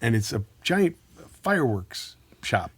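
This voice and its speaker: A man's voice: medium pitch, unhurried, husky, no echo. A middle-aged man from the American Midwest telling a story as a podcast co-host, laughing and acting out the people he quotes. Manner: animated, laughing, acts out quoted voices. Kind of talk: casual storytelling.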